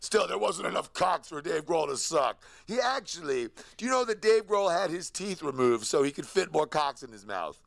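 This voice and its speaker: An actor playing a foul-mouthed male alien monster rock frontman, sneering and ranting with profanity in a gravelly voice. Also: fairly high pitch, big pitch swings, moderate pace, few pauses. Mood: mocking. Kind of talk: archival interview clip in character.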